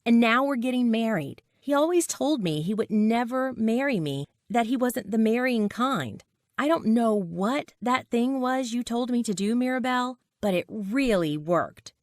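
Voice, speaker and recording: A woman's voice: a little high, lively intonation, moderate pace, no echo, clean studio sound, voice pushed up, lightly acted. A woman voicing her emotional young friend in a read-aloud story. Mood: excited. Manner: emotional, pleading.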